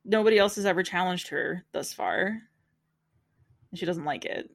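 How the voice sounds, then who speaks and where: A woman's voice: fairly low pitch, moderate pace. A young woman co-hosting a casual chat, talking loosely with many fillers and giggles, sleepy and hiccuping. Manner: laid-back, lots of fillers, giggly. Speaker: podcast co-host.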